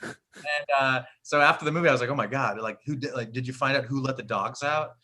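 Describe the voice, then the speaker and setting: A man doing stand-up bits as a comedy guest, animated and profane, mocking himself as he goes. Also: mid-range voice, fast talker, a little hiss or hum. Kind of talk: stand-up bits on a live show.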